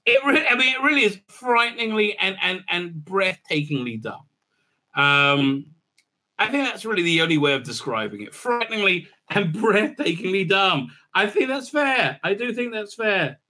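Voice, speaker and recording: A man talks through a TV episode in a loose, off-the-cuff review, full of scorn and sarcasm. His voice sits a little high and has a strong, piercing brightness. He rambles and doubles back, mocking as he goes. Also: big pitch swings, normal speed. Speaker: show reviewer. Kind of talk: casual recap and review.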